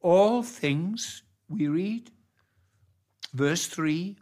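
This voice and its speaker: A male preacher delivers his sermon slowly and deliberately. His voice sits a little high for a man. He drops to a hush and then swells loud to press home each point. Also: lively intonation. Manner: emphatic, swings between soft and loud.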